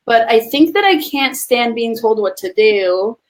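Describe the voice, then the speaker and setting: Animated and a little slow, this woman speaks in a voice on the high side. As a coach appearing on a conversational podcast interview, she talks passionately and emphatically and calls her listeners friends.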